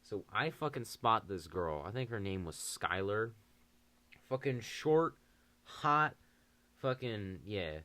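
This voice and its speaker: A young man telling a story on his channel, animated and full of swearing. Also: mid-range voice. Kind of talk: casual storytime.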